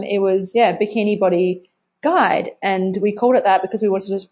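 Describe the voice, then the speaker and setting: A woman's voice: medium pitch, darkish tone. A woman, a fitness trainer chatting as a podcast guest and acting out quoted lines. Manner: fast, chatty, many likes, acts out quotes. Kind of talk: casual interview chat.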